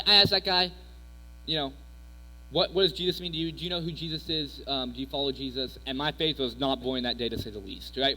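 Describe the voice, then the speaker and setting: Bright-voiced young man giving a youth talk. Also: fairly high pitch. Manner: casual, rambling, filler-heavy. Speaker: youth speaker. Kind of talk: youth sermon with personal stories. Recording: echoey hall with mains hum.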